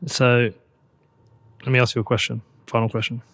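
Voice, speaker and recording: A man's voice: medium pitch, little pitch movement, normal speed, fairly bright tone. A man hosting a podcast interview, talking bluntly in a casual way and swearing now and then. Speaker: podcast host.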